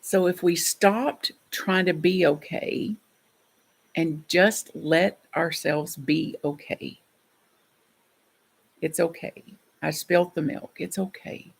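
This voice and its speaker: A middle-aged woman preaches a gentle, reflective sermon. Her voice sits a little low and carries a gravelly rasp. She talks softly and laughs now and then. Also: steady tone, slow pace, long pauses. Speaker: minister.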